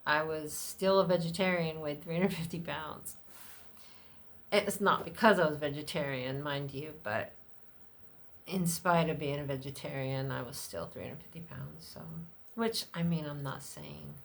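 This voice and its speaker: A middle-aged woman with a notably low voice chats unfiltered in a personal vlog. She rambles, drops fillers and swears freely, and now and then jumps much higher to act out what others said to her. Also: fairly even intonation, unhurried, gravelly. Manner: acts out other people's lines in a much higher voice. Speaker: vlogger. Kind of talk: unscripted personal vlog chat.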